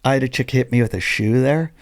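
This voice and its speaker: A man's voice: medium pitch, quick pace, no room sound, studio quality. A man, a comedian, telling stories in a casual podcast chat and acting out both sides of the dialogue in a loose, rambling way. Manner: loose, rambling with many fillers.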